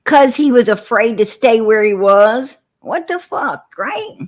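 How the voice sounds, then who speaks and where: An adult mother of four, this livestream host talks casually, telling stories and sparring with viewers in a blunt, profane manner. Her voice is a little high and animated, with a measured pace.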